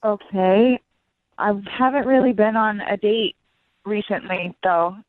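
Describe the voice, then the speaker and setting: A woman's voice: medium pitch, measured pace, no room sound. A woman called on air by a radio show, answering warily over the phone. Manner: wary, increasingly exasperated. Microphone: telephone. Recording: tinny phone line.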